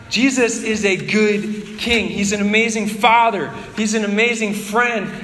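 A man's voice: sits high, a bit bright. A man preaching a sermon as a pastor, in a conversational way, and he acts out the voices of his listeners. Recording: echoey hall with long reverb.

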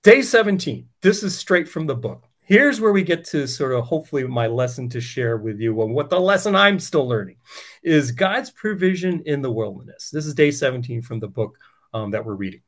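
A man's voice: medium pitch, very animated, normal speed. A man preaching a conversational sermon, telling a personal testimony with many rhetorical questions.

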